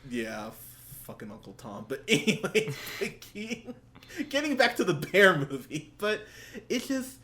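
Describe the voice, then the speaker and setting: A man's voice: sits high, very animated, a little slow, a bit bright. A young man co-hosting a movie podcast, gushing in casual chat, swearing often and laughing. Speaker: podcast co-host. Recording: faint background noise.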